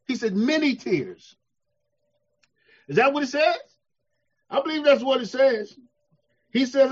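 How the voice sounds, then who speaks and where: A man preaching a sermon, drawing answers from the congregation, his delivery swelling to shouts and falling to a hush. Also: sits high, muffled recording. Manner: preaching with call-and-response, swelling to shouts then dropping soft. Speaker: pastor.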